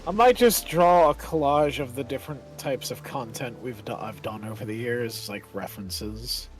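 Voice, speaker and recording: A man's voice: medium pitch, moderate pace, soft background music, poor audio. A man hosting a game stream, chatting loosely and swearing casually. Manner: loose, profane banter. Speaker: streamer host.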